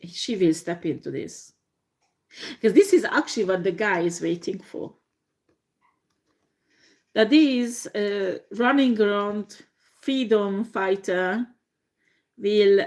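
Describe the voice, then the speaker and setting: A woman reading tarot in a slow, halting way, with many fillers and frequent laughter. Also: medium pitch. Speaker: tarot reader.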